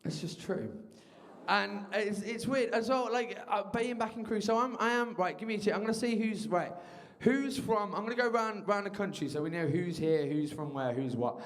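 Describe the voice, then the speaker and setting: A man's voice: high-pitched, normal speed, in a large hall. A young man from Birmingham doing a crude, rambling stand-up set with lots of crowd work in a student bar. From Birmingham, England. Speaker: stand-up comedian.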